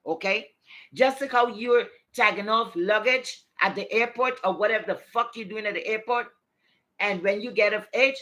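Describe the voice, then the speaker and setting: A woman's voice: mid-range voice, fairly bright tone, low-quality recording. A woman delivering an angry commentary rant, scolding her target directly with profanity, repeated phrases and a stream of rhetorical questions. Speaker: commentary vlogger.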